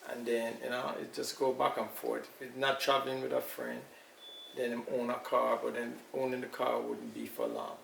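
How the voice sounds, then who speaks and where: An older Jamaican man with a gravelly voice tells family memories at an easy, reminiscing pace. He sits well back from the mic in an echoey room with a faint hiss of noise underneath. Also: medium pitch, animated, a bit bright, distant mic. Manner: unhurried, reminiscing storyteller. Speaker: elder being interviewed. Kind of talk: casual recollection.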